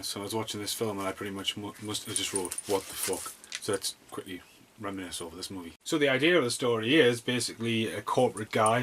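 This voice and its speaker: Brief: male film reviewer, lowish voice, swears a lot and rambles, faint background hiss. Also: a bit bright. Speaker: movie reviewer. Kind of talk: casual comedic film review.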